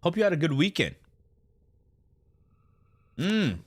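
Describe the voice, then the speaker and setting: A man's voice: fairly high pitch, very animated, slow, no echo. A man streaming a video game, chatting loosely with viewers and joking, with many restarts. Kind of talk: casual live-stream chat while playing.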